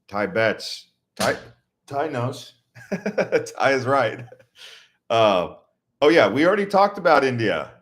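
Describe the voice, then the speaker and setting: A man's voice: medium pitch, very animated, slow, long pauses, fairly bright tone. A man from the United States hosting a casual live stream, answering viewer questions and telling rambling travel stories with frequent restarts. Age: adult, Navy veteran.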